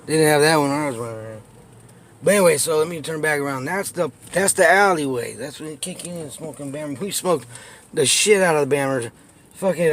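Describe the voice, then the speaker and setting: A man's voice: on the high side, creaky, a bit bright, a little hiss or hum. A tipsy man walking through his old neighborhood, telling rambling, profane stories into a handheld phone and laughing often between phrases. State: tipsy, buzzed. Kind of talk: casual rambling storytelling. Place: outdoors on a neighborhood street and alleyway.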